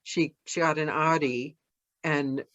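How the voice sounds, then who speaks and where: Bright-voiced woman host, quick asides. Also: sits low, steady tone, no echo. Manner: brief interjections, laughs often. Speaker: podcast host. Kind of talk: casual podcast conversation.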